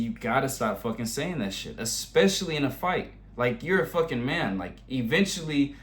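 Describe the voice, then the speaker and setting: A man in his twenties giving a casual motivational monologue in blunt, heavily profane slang, turning intense as he makes his points. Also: medium pitch. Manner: rising, intense when making a point. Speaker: vlogger giving motivational advice.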